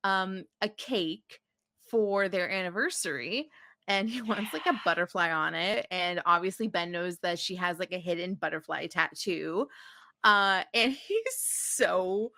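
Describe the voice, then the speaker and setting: A woman co-hosting a podcast, recapping a TV episode in a chatty, steady way. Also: on the low side, a little slow, dry recording, clean studio sound. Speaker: podcast co-host. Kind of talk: casual chat, recapping a TV episode.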